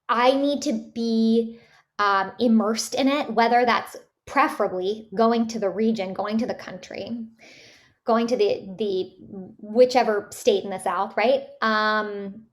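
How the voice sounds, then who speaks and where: A woman's voice: on the high side, fairly even intonation, takes it slowly. A woman from Canada, a voice actress, chatting casually in an interview with many fillers and restarts. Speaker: voice actress guest.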